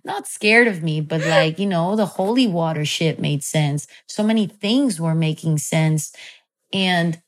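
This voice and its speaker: A woman with a slightly low voice tells a personal story in a casual, animated way. She talks loosely, with plenty of fillers and restarts. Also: unhurried. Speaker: guest telling a personal story.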